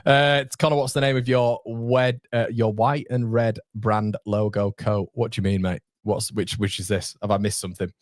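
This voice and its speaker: A young man hosting a casual live fan stream, chatting with viewers and reading their comments, matey and quick to laugh. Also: lowish voice, little pitch movement, dry recording, clean studio sound. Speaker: fan channel host reading live chat. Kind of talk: casual live watchalong chat.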